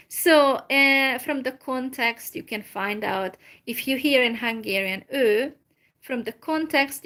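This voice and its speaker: Slow, careful woman teaching phrases. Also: fairly high pitch, a bit bright. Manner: slow and careful, repeats phrases, many fillers. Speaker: language teacher. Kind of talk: slow informal language lesson.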